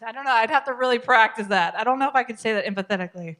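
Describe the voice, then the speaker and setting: Bright-voiced woman teaching a parenting class. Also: a little high, very fast. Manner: chatty, laughing, drops to a soft whisper to model calm phrases. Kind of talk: live class talk. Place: church classroom.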